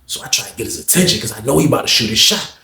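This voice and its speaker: A man telling a story in a casual, animated way, acting out the people in it. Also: medium pitch, very fast, vocal fry, reverberant. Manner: animated, acts out voices in his stories.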